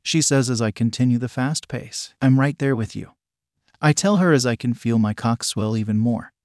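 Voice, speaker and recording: A man narrating an erotic story in the first person with a steady, unhurried reading. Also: medium pitch, no echo, studio quality.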